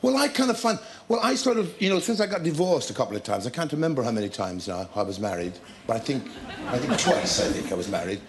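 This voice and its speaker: A man, a talk show guest, telling lively anecdotes with laughter and acted-out scenes. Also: mid-range voice, fast, a little hiss or hum. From Ireland. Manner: storytelling with laughter, acting out scenes.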